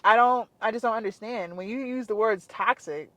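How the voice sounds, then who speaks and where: A young woman fitness vlogger telling a story to her viewers in a frustrated, animated way, saying "like" constantly. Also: on the high side, normal speed, no echo. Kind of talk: casual storytime rant to camera.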